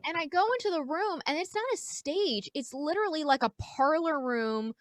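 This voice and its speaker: A woman comedian from New York telling a story as a guest in casual chat, animated and acting out the people in it. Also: sits high, moderate pace. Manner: animated, acts out the people in her stories.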